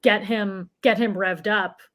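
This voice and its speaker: A woman's voice: mid-range voice, fairly even intonation, takes it slowly, fairly bright tone. A woman from the Boston area co-hosting a casual podcast, chatty and full of filler words. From Boston area, USA. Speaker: podcast co-host.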